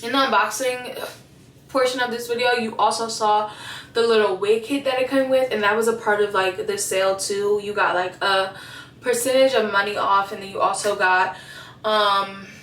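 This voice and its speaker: A woman's voice: mid-range voice, steady tone, normal speed, a bit bright. A young woman vlogger chatting casually to her viewers while she styles her wig, slangy and talkative. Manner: chatty, slangy, addresses viewers as you guys. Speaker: beauty vlogger. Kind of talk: casual get-ready-with-me chat. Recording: roomy echo, mic at a distance, faint ambience.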